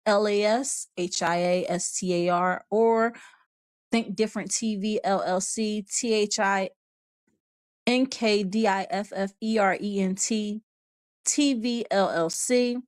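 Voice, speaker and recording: A woman's voice: mid-range voice, fairly even intonation, slow, clean tone, no room sound. A woman hosting a live online show in a casual, rambling way. She laughs often and reads out viewer comments. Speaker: show host. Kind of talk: casual livestream chat.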